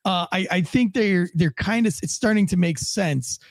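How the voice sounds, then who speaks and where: A former police officer co-hosts a podcast in a voice that sits high, speaking at a moderate pace with no room sound. He rambles casually, restarts a lot, and acts out the tones of people he quotes.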